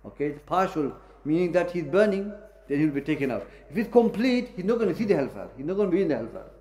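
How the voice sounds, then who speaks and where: A man's voice: fairly high pitch, big pitch swings, fast, mellow. A man teaching a religious lesson in a mosque and answering students, explaining in short repeated phrases with many fillers. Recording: echoey room.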